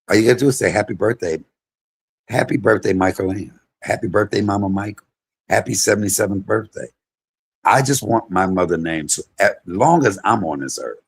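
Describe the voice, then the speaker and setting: Loud impressions of his mother liven up this casual storytelling monologue from a comedian and vlog host. His voice is husky and low, and his delivery is animated.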